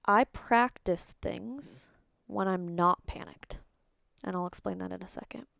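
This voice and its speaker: A woman's voice: on the low side, unhurried, vocal fry, fairly bright tone, no room sound, clean studio sound. A woman hosting a personal solo podcast, talking candidly and rambling, sometimes dropping into a whisper. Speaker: podcast host.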